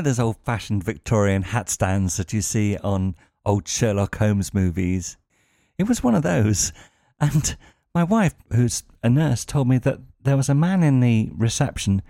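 A man's voice: medium pitch, warm tone, no echo, studio quality. A man telling wry stories in a monologue, now and then chuckling dryly. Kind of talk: anecdotal monologue.

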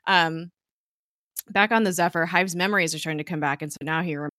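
A woman's voice: on the low side, fast talker, a bit bright, no room sound, studio quality. A woman co-hosting a casual show, recapping an episode in a chatty way full of "like" and "um". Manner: chatty, peppered with "like" and "um", giggly. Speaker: podcast co-host recapping a TV episode. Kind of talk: casual chat.

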